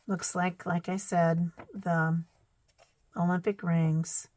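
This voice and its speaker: A woman's voice: on the low side, level tone, slow pace, a little mellow, rough recording. A middle-aged woman with a Midwestern American accent, chatting casually as she shows old quilting magazines, thinking aloud with fillers and little exclamations. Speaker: vlogger.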